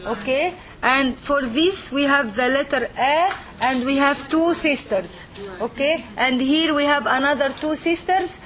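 This high, slightly bright female voice moves at a measured pace. In a classroom full of students, the language teacher patiently models sounds and keeps checking "okay?".

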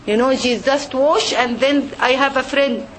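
A woman's voice: sits high, steady tone, unhurried, a little hiss or hum, low-quality recording. A middle-aged woman, a pediatrician, gives a heartfelt religious talk to women, telling earnest, emotional stories and speaking to her listeners directly.

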